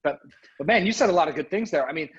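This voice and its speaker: A man's voice: on the high side, lively intonation, rapid-fire, husky, highs cut off. A man hosting a podcast, asking questions in a casual way with plenty of fillers. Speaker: podcast host. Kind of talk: interview.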